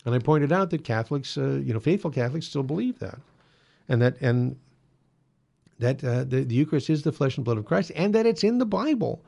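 Man, gravelly voice, middle pitch, conversational church-teaching talk, fillers. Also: lively intonation, a little fast, warm tone. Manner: conversational, frequent fillers and restarts. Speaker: Catholic apologetics host. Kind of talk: casual explanatory monologue.

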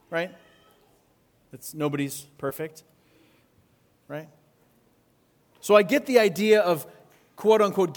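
Pastor, male, fairly high-pitched voice, casual sermon delivery with frequent questions to the audience. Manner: conversational, asks the congregation frequent questions.

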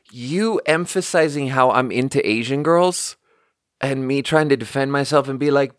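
Recorded with studio quality and no echo, a young man hosting a podcast rambles casually through a story, leaning heavily on "like." His voice is medium-pitched and his pace moderate.

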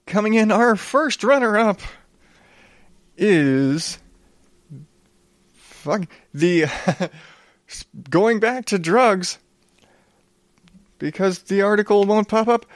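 In a profane comedic news rant, a male show host sarcastically riffs on odd news, swearing a lot, restarting often, and sniffling now and then. His voice is high-pitched, captured in clean studio sound with no echo.

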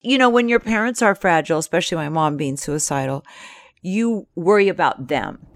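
A woman's voice: fairly low pitch, animated, brisk, dry recording. Candid, wry woman telling her life story. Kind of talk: first-person storytelling.

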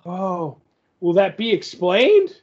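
Man, podcast co-host, high voice, loose chatty recap full of fillers, dull lo-fi sound. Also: sing-song, takes it slowly, darkish tone. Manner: rambling, many fillers, restarts and acted quotes. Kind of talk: casual chat recapping a comic.

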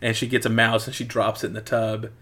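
A man's voice: lowish voice, flat delivery, a little fast, sharp tone, husky. A man casually retelling a film's plot as a podcast co-host, rambling with plenty of fillers. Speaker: podcast co-host reviewing a film. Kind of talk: casual chat.

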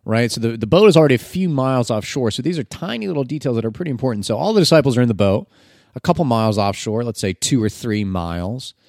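A man's voice: mid-range voice, animated, quick pace, a little mellow, dry recording, clean studio sound. A man reading scripture and then preaching about it in an earnest, conversational way, with filler words.

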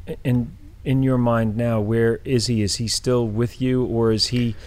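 A man interviewing a guest, asking questions in a halting, stammering way. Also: medium pitch, level tone, a little mellow.

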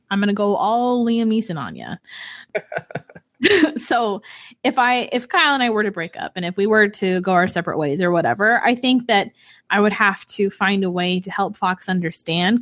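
A young woman and single mother chatting casually as a podcast co-host, telling animated stories. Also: medium pitch. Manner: chatty, animated storyteller with laughs. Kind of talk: casual chat.

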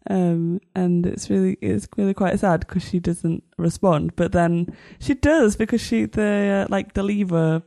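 A woman co-hosting a podcast in casual chat, hesitant with many pauses and ums. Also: medium pitch, vocal fry, mellow, no echo, clean studio sound. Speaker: podcast co-host.

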